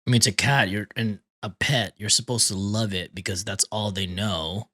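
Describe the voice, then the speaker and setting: A man's voice: on the low side, steady tone, moderate pace, bright, forceful tone. A man co-hosting a podcast who gives blunt, crude opinions in casual chat. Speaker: podcast co-host.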